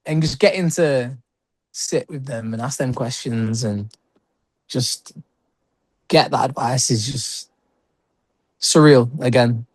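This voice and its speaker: A man's voice: medium pitch, dry recording. A young British man, a wrestler, chatting casually in an interview, rambling with lots of "like" and short laughs. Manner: rambling, heavy use of "like", quick laughs. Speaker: guest wrestler.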